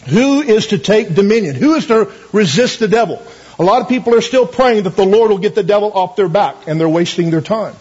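Husky high-voiced man preaching a sermon. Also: a little mellow, lo-fi sound. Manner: storytelling, asks the congregation for amens.

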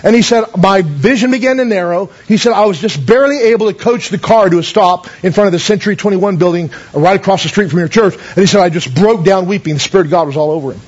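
Husky high-pitched preacher guy in church, kinda muffled recording, lots of amens. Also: quick pace, hardly any pauses, a little mellow. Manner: storytelling preacher, folksy, many fillers and amen calls. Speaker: pastor. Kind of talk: sermon.

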